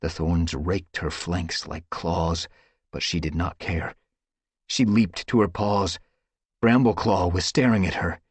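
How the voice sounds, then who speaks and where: A man reading a dramatic audiobook story with expressive, dramatic storytelling. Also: fairly low pitch, slightly rough, no room sound. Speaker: audiobook narrator. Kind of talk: audiobook narration.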